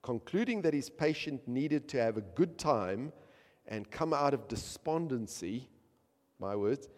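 A man preaching a sermon, swinging from hushed, quiet lines to loud, emphatic peaks. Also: mid-range voice. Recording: long hall reverb.

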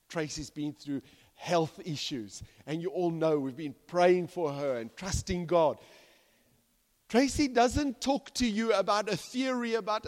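A man preaching a sermon as pastor, swinging from hushed to loud and acting out the people in his stories. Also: sits high, measured pace. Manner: animated, swings from hushed to loud, acts out quoted characters. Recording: long reverb of a large hall.

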